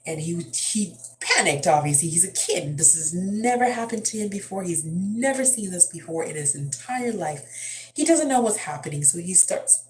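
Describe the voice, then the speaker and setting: A mother chats to camera, recounting a household mishap in a loose, rambling way. Her voice sits low for a woman. There is a faint hum behind her. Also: rough recording. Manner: chatty, rambling, lots of fillers and asides. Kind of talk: casual storytelling vlog.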